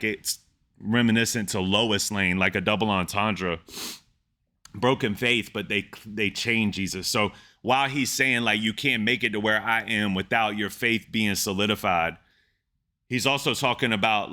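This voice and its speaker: A man hosts a casual music reaction, hyped and eager as he repeats lyrics back and picks them apart. His voice sits fairly low in pitch. It comes through bright and forceful. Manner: excited, repeats lines back and breaks them down.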